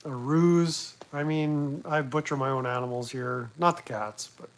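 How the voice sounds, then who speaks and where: A man's voice: mid-range voice, a little slow, poor audio. A man casually hosting a live talk stream from home, rambling and crude with self-mocking humor. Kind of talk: casual chat. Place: at home, livestreaming from a laptop.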